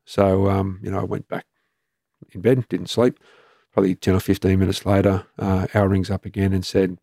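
Close, dry audio with no room sound captures a middle-aged Australian man whose low, flat voice has a gravelly edge. Once a police commander, he's now an interview guest relating his story in a halting, matter-of-fact way.

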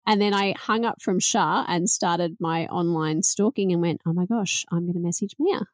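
A woman's voice: fairly low pitch, normal speed, no echo. A woman with an Australian accent hosting a podcast in bubbly, chatty talk, laughing often. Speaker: podcast host. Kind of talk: casual chat.

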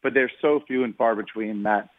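A man who writes about baseball, a guest on a radio show, giving measured opinions. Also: medium pitch. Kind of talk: radio interview. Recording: tinny phone line.

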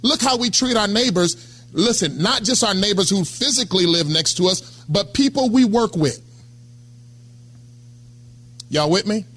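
A middle-aged pastor preaches in a high, bright voice. He talks to the congregation like a friend, checking in with them again and again. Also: animated, unhurried, pauses often. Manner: conversational preaching, calls out to congregation. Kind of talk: sermon.

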